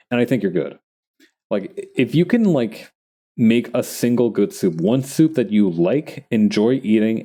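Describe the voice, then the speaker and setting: A man chatting loosely in a low, mellow voice. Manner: chatty, full of likes and restarts, laughs at himself. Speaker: streamer drawing live. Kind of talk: casual rambling chat while drawing.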